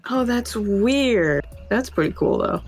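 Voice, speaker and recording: Lively woman joking in a game. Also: on the high side, slow pace, very noisy. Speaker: player. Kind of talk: tabletop role-play.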